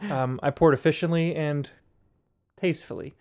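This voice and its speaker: A man's voice: on the high side, moderate pace. A man hosting a podcast, chatting casually and jokingly while tasting beer, with many fillers. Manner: jokey, relaxed, rambling with fillers. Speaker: podcast host.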